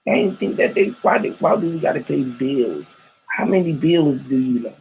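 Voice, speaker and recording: A man's voice: fairly high pitch, animated, normal speed, gravelly, a little mellow, breathy edge, highs cut off. A man hosting a live stream, rambling in heavy slang with profanity and lots of rhetorical questions, greeting callers who join a voice chat.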